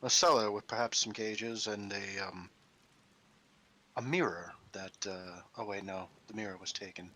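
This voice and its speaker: A man talking as a player in a tabletop game, measured and hesitant. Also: fairly low pitch, steady tone, bright, forceful tone, poor audio. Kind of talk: tabletop role-play table talk.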